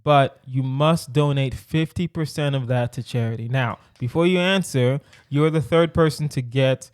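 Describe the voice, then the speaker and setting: Dude hosting a podcast, jokey and teasing, regular pitch, dead dry room. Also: male voice, normal speed, clean tone, no echo. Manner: playful, teasing, laughs easily. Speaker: podcast host. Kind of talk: casual podcast chat.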